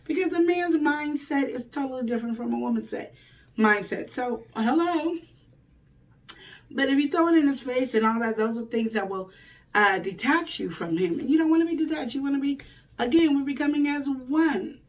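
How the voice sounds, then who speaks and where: A woman's voice: high voice, a little fast, distant mic. A woman hosting a relationship advice show, talking in a folksy, preachy way and acting out the quoted lines. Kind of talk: casual advice monologue.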